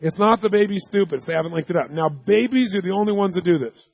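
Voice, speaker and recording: A man's voice: high-pitched, animated, fast, creaky, no echo. A man giving a live seminar talk, telling stories emphatically and quizzing the audience with yes-or-no questions. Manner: emphatic, storytelling delivery. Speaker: seminar speaker.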